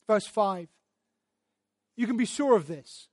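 A man preaching a sermon and teaching through Bible verses, speaking earnestly, often repeating words as he restarts, and building to loud emphatic passages. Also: sits high, measured pace, pauses often, no echo. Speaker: pastor.

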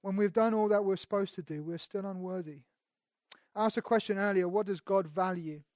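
A man preaching a sermon, swinging from loud emphasis to hushed, intimate tones and often restarting his phrases. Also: high voice, fairly quick, no echo. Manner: repeats words and restarts phrases. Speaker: pastor.

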